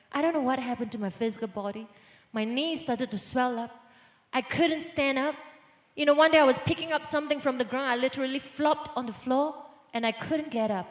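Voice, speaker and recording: A woman pastor giving a sermon testimony, telling her story with animated swings between loud bursts and hushed lines. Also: high-pitched, echoey room.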